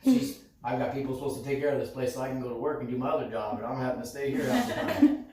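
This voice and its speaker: A man's voice: mid-range voice, fast talker, recorded from a distance. A man tells a casual story about his card shop, acting out the other person's lines. His voice sits in the middle of the usual male range. The room is strongly echoey, the mic is some way off, and there is faint noise in the background. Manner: animated, acts out quoted dialogue. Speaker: sports card dealer and show host.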